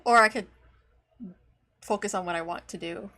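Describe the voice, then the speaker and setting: A woman's voice: mid-range voice, normal speed, sharp tone. A woman streamer chatting casually while reacting to videos, rambling and laughing often, and talking to her cat.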